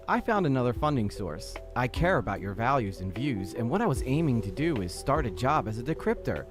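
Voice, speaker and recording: A man's voice: mid-range voice, clean tone, dry recording. A man streaming a casual reaction video, talking bluntly to his chat and swearing often.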